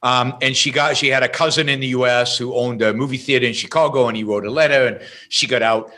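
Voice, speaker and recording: A middle-aged man, a podcast guest, telling a story in an emphatic, animated way. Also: mid-range voice, fast.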